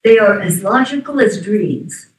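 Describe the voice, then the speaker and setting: A woman's voice: medium pitch, animated. Hesitant woman testifying in a roomy courtroom. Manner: halting, trailing off mid-sentence. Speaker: expert witness. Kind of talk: courtroom testimony under cross-examination. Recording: roomy, distant courtroom audio.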